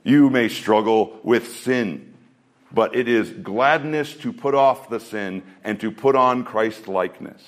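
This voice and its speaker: A man's voice: medium pitch, takes it slowly. Earnest man preaching a sermon. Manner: earnest preaching, rhetorical questions, shifting pace. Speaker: pastor.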